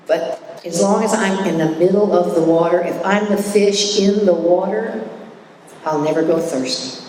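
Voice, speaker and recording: A middle-aged woman shares her recovery story at a meeting hall, chatting openly, making fun of herself, and often starting over. Her lowish voice is mellow and moderately paced; the echoey recording comes from far off, with a little hiss or hum.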